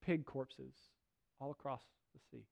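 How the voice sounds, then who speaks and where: A man preaching a sermon in a casual, conversational way, with filler words and restarts, and sudden swings between loud and soft. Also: medium pitch, steady tone, a little slow, vocal fry.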